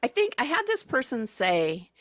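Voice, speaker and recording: A woman's voice: a little high, wildly swooping pitch, moderate pace, no room sound, clean studio sound. A woman telling travel stories as a guest on a radio show, chatty and full of fillers and restarts. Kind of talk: casual radio chat. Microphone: studio microphone.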